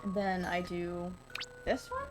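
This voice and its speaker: A woman's voice: lowish voice, a little slow, music in the background. A young woman in her twenties rambling casually and profanely while streaming a game, laughing often. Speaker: VTuber streamer. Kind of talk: casual live-stream chat while gaming.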